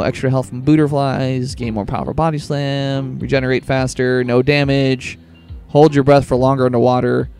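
Excitable male let's-play commentator. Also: mid-range voice. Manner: chatty, excitable, talks to viewers. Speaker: gaming channel host.

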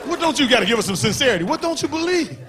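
A man doing a stand-up comedy set on a stage, loud and animated, shouting punchlines and acting out characters. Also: extremely high pitch, rapid-fire. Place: comedy stage before a live audience. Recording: live show with crowd noise. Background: audience laughter.

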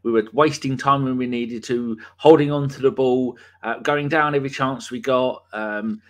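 A man hosts a casual live podcast and jokes with his viewers as he reads their names from the chat. He talks at an average pitch, loose and chatty, and swears now and then. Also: fairly even intonation, normal speed. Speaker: podcast host.

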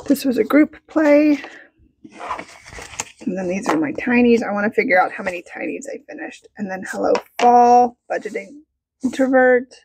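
A woman budgeting vlogger chatting casually as she counts cash, bubbly and excitable, talking to herself as she goes. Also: fairly high pitch, normal speed, a little hiss or hum. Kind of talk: casual vlog chat while counting cash.

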